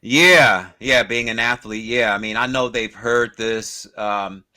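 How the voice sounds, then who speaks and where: A man co-hosting a podcast in casual chat, agreeable and measured, often laughing along. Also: mid-range voice, sharp tone. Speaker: podcast co-host.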